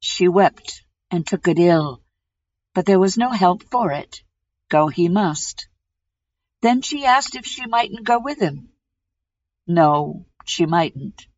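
A woman host reading a fairy tale aloud in a measured, unhurried storytelling manner. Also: fairly low pitch, expressive, darkish tone, slight background noise. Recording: dull lo-fi recording.

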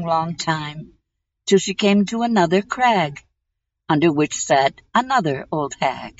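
A woman host reading a fairy tale aloud in a measured, unhurried storytelling manner. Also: on the low side. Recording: dull lo-fi recording.

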